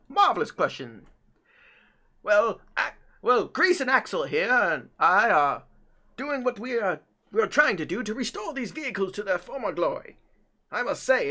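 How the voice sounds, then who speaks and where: Prim British robot servant, courteous and fussy, played by a man, lively high voice. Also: exaggerated voice. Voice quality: prim, formal, quaint phrasing. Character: polite British robot butler, male, fussy.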